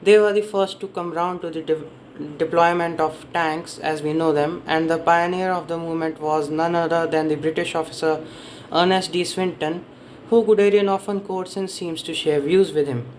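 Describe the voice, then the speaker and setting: A man's voice: on the high side, fairly even intonation, moderate pace, slight background noise, rough recording. A man giving a casual spoken summary of a history book, rambling and often correcting himself as he stumbles over names and dates. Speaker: book reviewer.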